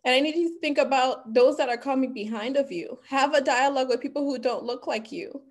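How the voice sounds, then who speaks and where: A woman giving an earnest, emphatic talk, speaking with deep conviction about lived experience. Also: fairly quick. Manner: earnest, emphatic, becomes emotional. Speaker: guest speaker. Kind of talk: impassioned talk.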